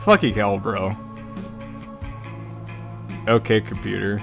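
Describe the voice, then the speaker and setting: A gaming streamer with a fairly low, gravelly voice speaks slowly and flatly in a casual let's-play. He reads out comments and reacts with profane banter and plenty of laughter, with faint music playing behind him.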